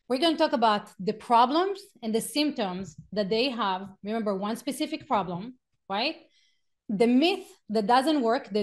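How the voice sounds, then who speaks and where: A middle-aged woman teaching a live workshop, animated, acting out quotes and stories and laughing often. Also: a little high. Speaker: workshop speaker.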